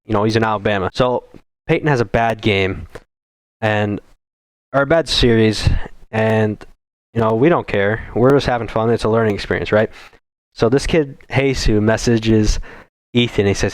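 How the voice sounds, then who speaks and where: A man co-hosting a casual gaming podcast, telling stories in an animated way and swearing freely. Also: on the low side, moderate pace, no room sound. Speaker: esports team co-owner, podcast host.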